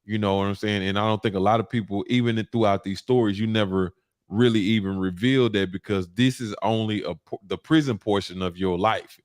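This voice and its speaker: A man with a somewhat low voice hosts a casual interview. He halts, repeats words and shouts out viewers. The sound is dry and close. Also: fairly even intonation, a little fast, dry recording. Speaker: host.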